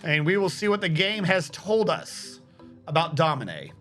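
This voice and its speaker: A man's voice: on the high side, big pitch swings, measured pace, fairly bright tone, faint music behind. A man streaming a game live, giving casual, profane commentary and talking to his chat.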